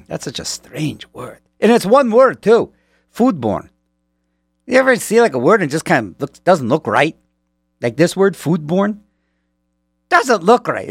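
Man, radio DJ, rambling and playful, animated voice, dry studio sound. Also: on the high side, no echo. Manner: rambling and playful, joking about ad copy. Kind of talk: casual radio chat.

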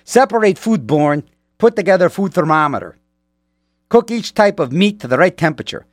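A man's voice: high voice, lively intonation, normal speed, dry recording. A man hosting a radio show in a rambling, playful way, joking his way through the ads on a studio mic. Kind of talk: casual radio chat.

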